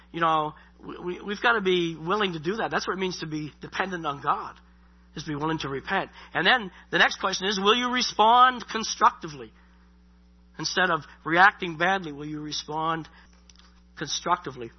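A man's voice: fairly high pitch, moderate pace, slightly rough, dull audio. A man preaching a sermon in a conversational way, restarting and repeating his words. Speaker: pastor.

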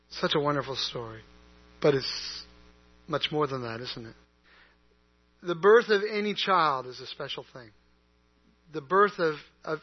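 A man's voice: fairly high pitch, dull audio. A man preaching a sermon in a church, folksy and self-deprecating, often restarting his sentences. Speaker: pastor.

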